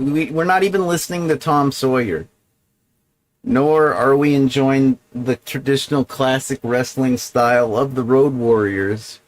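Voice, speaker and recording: Alone on his livestream, a man rambles through a profane, digressive monologue. He has a mid-range voice, captured on a low-quality recording.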